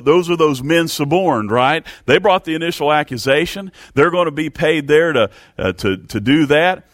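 Lively-pitched male preacher, emphatic. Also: dry recording, studio quality. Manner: emphatic, repetitive preaching with Bible readings in King James English. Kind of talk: sermon.

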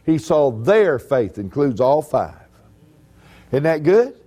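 A man's voice: a little high, big pitch swings, slow, mellow. A man preaching a sermon, telling folksy stories with humor.

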